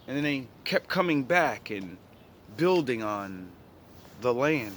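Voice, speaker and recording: A man's voice: medium pitch, sing-song, takes it slowly, fairly bright tone, slight background noise. Profane, slangy man telling a story. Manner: blunt and profane, with loose slang. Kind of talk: casual storytelling monologue.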